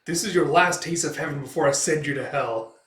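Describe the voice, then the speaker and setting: A man's voice: a little high, a little fast, fairly bright tone, lightly acted. A man voicing a gloating female demon who sneers and mocks, reading a comic aloud. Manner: mocking, sneering. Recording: roomy, distant mic.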